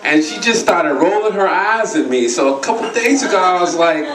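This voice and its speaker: A man doing a stand-up comedy routine on a live stage, telling stories in an animated way and acting out what other people said. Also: sits high, brisk, few pauses. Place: live stage at a charity show. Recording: roomy, distant live recording with clear noise.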